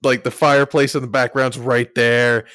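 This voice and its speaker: A man's voice: mid-range voice, little pitch movement, moderate pace, a bit bright, no echo. A young man co-hosting a podcast in casual chat, joking and swearing through his stories. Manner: profane, joking storytelling. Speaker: podcast co-host.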